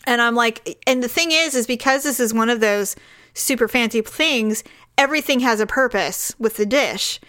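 Animated higher-voiced woman storyteller. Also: normal speed. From California. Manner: animated, acts out voices in anecdotes. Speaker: podcast co-host. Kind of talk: casual chat, storytelling.

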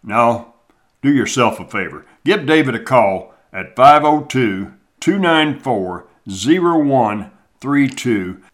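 A man's voice: medium pitch, lively intonation, takes it slowly. A man hosting, giving a friendly, direct closing announcement to listeners. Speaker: radio show host.

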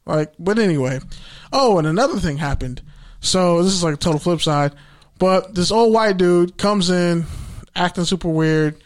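A young man tells a work story in a loose, profane, animated way, slipping into the voices of the people he quotes. His voice sits a little higher than most men's. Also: moderate pace. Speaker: podcast host. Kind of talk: casual storytelling.

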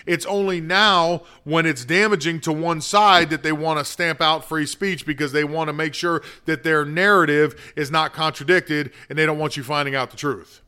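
A man's voice: on the high side, steady tone, normal speed, few pauses, sharp tone, smooth. A man hosting a casual spoken monologue, rambling and self-deprecating, laughing easily as he talks. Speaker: show host.

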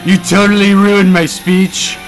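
A tipsy young man co-hosting a podcast, loud, crude and rambling, swearing often. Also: sits high, little pitch movement, measured pace, soft background music. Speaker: podcast co-host. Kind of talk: casual drunk banter.

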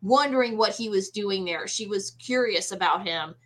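A woman, a medium, telling her own ghost experience in a casual interview, animated and full of fillers and restarts. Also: mid-range voice, normal speed. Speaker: guest medium.

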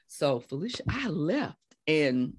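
Woman, 60s, life coach guest, chatty storyteller who bursts high when quoting. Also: slow pace, breathy edge. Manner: animated storyteller, acts out quotes with big laughing pitch jumps. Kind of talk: conversational interview.

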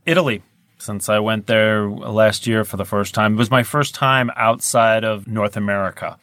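A man's voice: on the low side, steady tone, moderate pace, fairly bright tone, no room sound. A man, a young adult voice actor, answering interview questions in easygoing, rambling casual chat and laughing often. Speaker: voice actor guest. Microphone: studio microphone.

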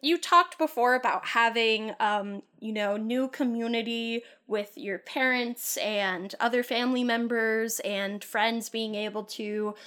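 Chatty young woman, slightly high voice. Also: unhurried, hardly any pauses, bright, forceful tone, smooth. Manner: chatty anecdote-telling with self-mocking humor. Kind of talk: casual chat.

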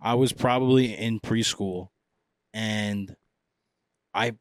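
A man's voice: on the low side, takes it slowly, no room sound, studio quality. A man co-hosting a podcast, rambling through a memory with lots of fillers. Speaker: podcast co-host. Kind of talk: casual chat.

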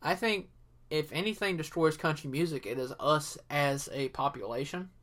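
Man, Southern accent, rambling casual chat, bright voice. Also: fairly high pitch, normal speed. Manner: rambling, filler-heavy, opinionated. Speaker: podcast host. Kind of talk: casual solo podcast talk.

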